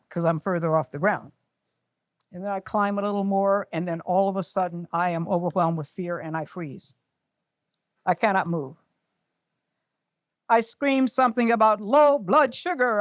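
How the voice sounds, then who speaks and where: A woman's voice: fairly low pitch, no echo. Older lady telling a personal story at a community event, emotional and self-mocking, dry close sound.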